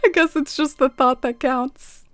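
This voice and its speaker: A woman's voice: sits high, steady tone, unhurried. A young woman streaming a game, chatting bubbly and giggly with her viewers, full of "like". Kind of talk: casual live-stream chat.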